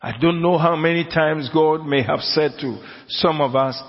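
A man preaching a sermon, emphatic, repeating key phrases slowly and asking the congregation if they are listening. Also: fairly high pitch. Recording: dull audio in a long-reverb hall.

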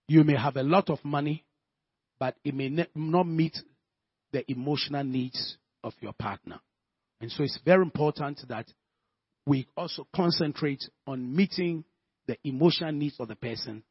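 Man preaching, husky and high, dry dull lo-fi recording, calls for amens. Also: no room sound. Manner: rhetorical, calls for amens, storytelling. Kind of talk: sermon.

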